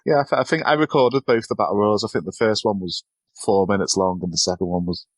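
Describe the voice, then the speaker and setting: A man with a lowish voice hosts a podcast interview in a chatty, rambling way, laughing easily. The recording is dry and close. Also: quick pace, dry recording. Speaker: podcast host. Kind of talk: casual interview chat.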